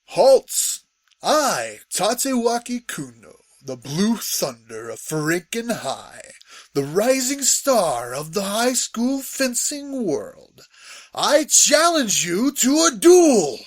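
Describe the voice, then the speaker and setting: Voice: medium pitch, big pitch swings, slow pace. Someone playing a pompous teenage fencer. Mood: bombastic. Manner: grandiose, theatrical challenges. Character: pompous young male high school fencer. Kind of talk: fan radio play acting.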